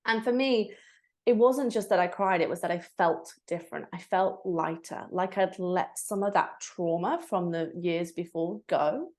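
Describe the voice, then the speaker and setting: Candid and reflective, a breathwork facilitator shares her personal story in a podcast interview, bringing quoted moments to life through animated asides. She speaks at a measured pace with a fairly low pitch.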